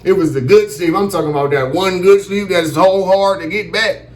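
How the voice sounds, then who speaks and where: A man's voice: high voice, a little fast, roomy sound. A man telling a comic story casually, profane and loose, often asking "you feel me". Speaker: comedic storyteller.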